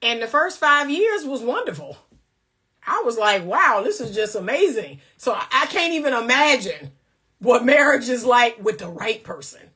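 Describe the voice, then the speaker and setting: A woman's voice: a little high, very animated, normal speed, sharp tone, slightly rough. A woman relationship coach giving blunt, emphatic faith-based commentary in a casual talk.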